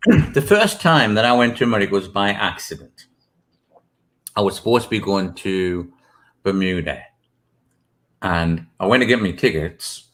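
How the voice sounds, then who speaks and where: Hesitant low-voiced British man. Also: lively intonation, normal speed, pauses often, a bit bright. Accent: British English. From Britain. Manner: hesitant, rambling, many ums and restarts. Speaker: author and guest. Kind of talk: casual interview storytelling.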